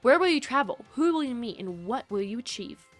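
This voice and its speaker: A woman's voice: on the high side, sing-song, fairly quick, faint music behind, voice pushed up. A woman reading a formal school head's speech to students in a put-on British accent. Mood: solemn.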